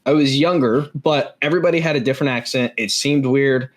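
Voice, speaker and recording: A man's voice: medium pitch, a little fast. A young man from Texas, co-hosting a casual podcast chat, rambling and correcting himself as he talks. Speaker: podcast co-host.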